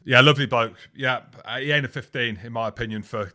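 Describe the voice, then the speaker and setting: This young man co-hosts a casual sports chat and rambles along with plenty of energy. He laughs between words and his voice sits at an ordinary mid pitch. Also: quick pace, sharp tone. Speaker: podcast co-host and rugby commentator.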